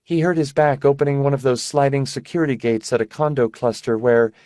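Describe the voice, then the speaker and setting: A woman's voice: rumbling low, steady tone, a little fast, warm tone, no echo, studio quality, voice pushed up. A man reading an audiobook, voicing a frail, ailing young woman who talks in a trembling, rambling way. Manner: trembling, chatty, drifting off.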